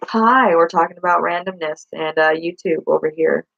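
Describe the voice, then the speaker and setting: A woman's voice: fairly low pitch, normal speed, creaky, dry recording, lo-fi sound. A woman chatting casually on a livestream, rambling and correcting herself as she greets viewers and asks them questions. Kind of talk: casual live-stream chat. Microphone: laptop or phone mic.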